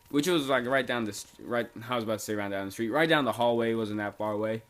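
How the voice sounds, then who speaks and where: A man's voice: mid-range voice, steady tone, a little fast. A young man casually telling a story from his school days, rambling and slangy with lots of fillers and restarts. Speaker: storytelling vlogger.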